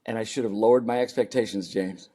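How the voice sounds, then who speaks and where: Animated older man telling stories. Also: fairly low pitch, fast talker. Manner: animated, acts out the people in his stories. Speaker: guest. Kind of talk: storytelling in a podcast interview.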